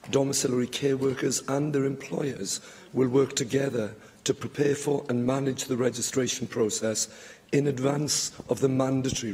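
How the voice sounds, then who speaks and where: Hoarse gravelly minister. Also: male voice, medium pitch, darkish tone, a little hiss or hum. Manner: measured, formal delivery with a light joke. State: losing his voice. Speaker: government minister. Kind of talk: formal parliamentary speech. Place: debating chamber.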